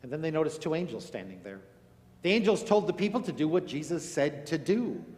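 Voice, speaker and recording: A man's voice: a little high, big pitch swings, brisk. Man preaching in an echoey hall. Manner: earnest, swings from emphatic to hushed and solemn. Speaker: pastor. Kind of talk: sermon. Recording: echoey hall with long reverb.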